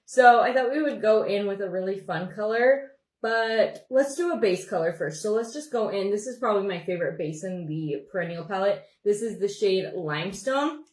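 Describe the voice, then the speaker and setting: A woman's voice: medium pitch, lively intonation, moderate pace, darkish tone. Chatty woman rambling in an echoey room. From Montana, USA. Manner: chatty, rambling, greets viewers by name. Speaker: beauty livestream host. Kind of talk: casual livestream chat while doing makeup.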